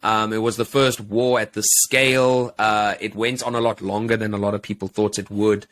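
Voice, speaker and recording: A man's voice: fairly low pitch, level tone, moderate pace, fairly bright tone. Rambling male podcast co-host. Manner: rambling, many fillers and restarts. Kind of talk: casual chat, storytelling.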